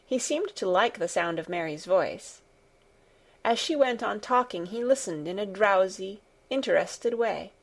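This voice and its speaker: A woman reads a classic novel aloud as an audiobook, at a middle pitch. Her delivery is soft and even, and her pacing is relaxed, as if she were telling a bedtime story. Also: a little slow. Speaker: audiobook narrator. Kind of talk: calm scripted audiobook narration.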